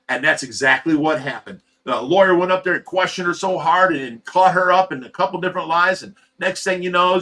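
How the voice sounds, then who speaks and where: A middle-aged man from Ohio talks on a casual livestream, with a rather high voice and a bright, forceful edge. He tells his story in a candid, rambling way, often restarting his sentences. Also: a little fast, hardly any pauses. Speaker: livestream host.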